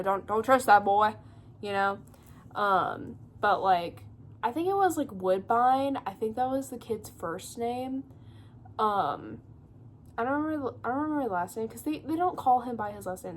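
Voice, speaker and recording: A woman's voice: medium pitch, a little hiss or hum. A young woman at home giving a rambling, profane, casual book recap full of fillers and laughter. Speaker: booktuber.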